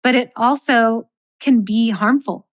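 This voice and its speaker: A middle-aged woman, a life coach, giving calm, measured advice in a podcast interview and acting out sample lines of dialogue. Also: a little high, no echo.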